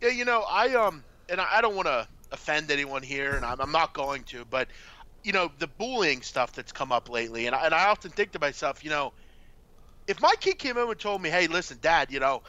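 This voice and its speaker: Bright, emphatic man on a dull radio line. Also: a little high, sing-song, fairly quick, no room sound. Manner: opinionated and emphatic. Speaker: radio show host. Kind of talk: casual sports radio talk.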